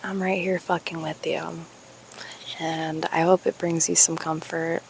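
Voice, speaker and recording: A young woman talking candidly to her viewers in a vlog, musing slowly, laughing and swearing casually. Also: low voice, little pitch movement, slight background noise. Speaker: spiritual YouTuber.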